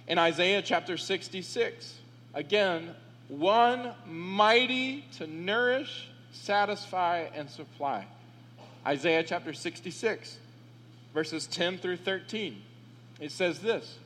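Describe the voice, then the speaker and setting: High-voiced man preaching in a reverberant hall. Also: fairly bright tone. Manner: slow, emphatic scripture reading with rising fervor. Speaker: pastor. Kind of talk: sermon.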